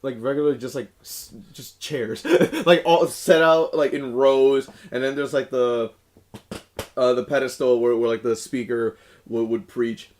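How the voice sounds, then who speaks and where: A man's voice: medium pitch, fairly even intonation, unhurried, darkish tone. A young man co-hosting a podcast, rambling through a story with lots of fillers and frequent laughter. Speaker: podcast co-host. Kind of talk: casual chat.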